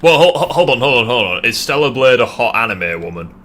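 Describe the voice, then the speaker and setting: A man's voice: medium pitch, very animated, quick pace, fairly bright tone, a little hiss or hum. A man hosting a gaming livestream, joking and swearing casually as he plays. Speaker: streamer host.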